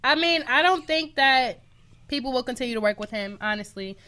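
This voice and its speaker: Female co-host, playful and animated, bright higher voice. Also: fairly quick. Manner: playful, laughs often, animated. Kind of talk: casual pop culture chat.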